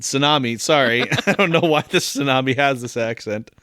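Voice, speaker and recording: A man co-hosting a comedy podcast, reading a story aloud and joking, giggly and animated. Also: mid-range voice, moderate pace, no room sound, studio quality. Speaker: co-host and story reader. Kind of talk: comic story reading with ad-libs.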